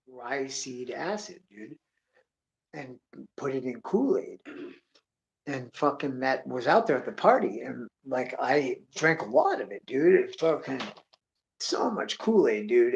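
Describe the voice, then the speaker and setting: A man's voice: medium pitch, vocal fry, highs cut off. A man telling a rambling comic story, cursing constantly, tacking "dude" onto his lines and acting out noises along the way. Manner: profane, excitable, drawling with "dude"; acts out sound effects and voices.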